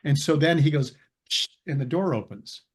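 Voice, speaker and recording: A man's voice: fairly high pitch, fairly quick, darkish tone, husky. An older man, an actor as interview guest, telling rambling stories, searching for names and laughing as he goes. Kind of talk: casual anecdotal storytelling.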